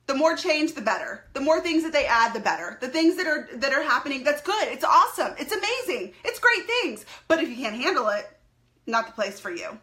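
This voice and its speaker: High, bright, emphatic woman live-streaming. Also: a little fast. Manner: emphatic, repetitive, animated, laughs often. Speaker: network marketing team leader. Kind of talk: live-stream talk to viewers.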